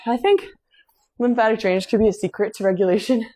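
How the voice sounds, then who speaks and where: A woman's voice: fairly high pitch, fast talker, dark tone. A woman hosting a home workout, counting reps aloud and chatting about faith between sets, sighing and a little out of breath as she exercises. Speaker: fitness instructor and host. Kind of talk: casual workout coaching with faith reflections.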